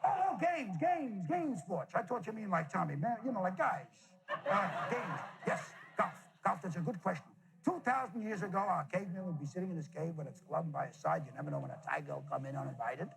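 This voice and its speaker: A man's voice: sits high, big pitch swings, a little fast, vocal fry, heavy background noise, exaggerated voice. A comedian playing an ancient, bragging two-thousand-year-old man who rambles and kvetches, answering audience questions. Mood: kvetchy. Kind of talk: improvised comedy character Q&A.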